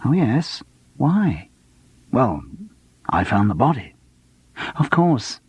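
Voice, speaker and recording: A man's voice: medium pitch, big pitch swings, slow, husky, no room sound, exaggerated voice. A man playing a dry, wry amateur detective, read close and dry for an audiobook. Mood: confiding. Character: wry middle-aged amateur sleuth, testy and dry.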